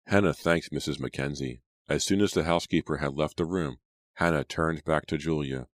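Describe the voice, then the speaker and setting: A man narrating an audiobook in a steady, measured storytelling manner. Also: extremely low pitch, no room sound. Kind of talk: scripted narration.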